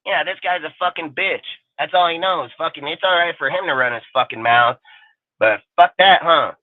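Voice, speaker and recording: A man's voice: fairly high pitch, normal speed, no echo. A male sports talk host on a panel show, ranting with aggressive, boastful and profane insults. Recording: dry tinny phone-like sound.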